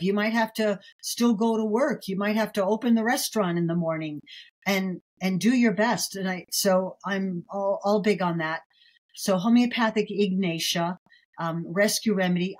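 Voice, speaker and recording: A middle-aged woman, a herbalist guest, talking in a gentle, chatty way with many fillers in a casual interview. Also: medium pitch, rough recording.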